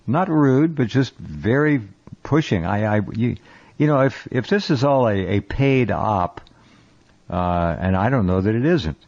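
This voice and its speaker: A man hosting a radio talk show, casual and halting, often restarting his phrases. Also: on the low side, lively intonation, creaky, a little mellow. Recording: dull lo-fi radio sound.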